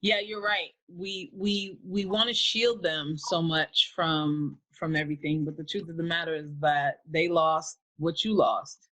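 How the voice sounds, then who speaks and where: A woman's voice: deep voice, flat delivery, unhurried, hardly any pauses, fairly bright tone, poor audio. A woman host asking questions and affirming her guest in a supportive way. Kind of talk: interview questions.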